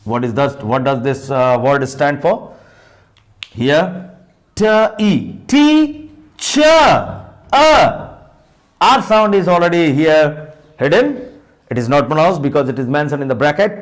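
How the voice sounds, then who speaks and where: A man's voice: a little high, animated, slow pace, pauses often. A man with an Indian English accent teaching a phonetics lesson, spelling words letter by letter, counting sounds aloud and asking and answering his own questions.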